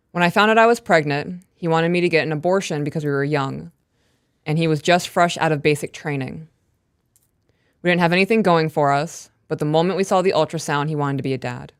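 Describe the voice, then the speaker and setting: Young woman co-host, low-pitched, dry close sound, chatty and self-conscious. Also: dry recording. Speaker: podcast co-host. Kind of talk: casual live-stream chat and email reading.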